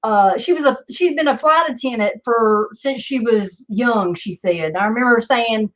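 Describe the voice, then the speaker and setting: A woman's voice: on the high side, moderate pace. A woman telling a story in a rambling, sarcastic way and swearing often, in a slightly dull lo-fi recording. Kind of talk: casual storytelling vlog.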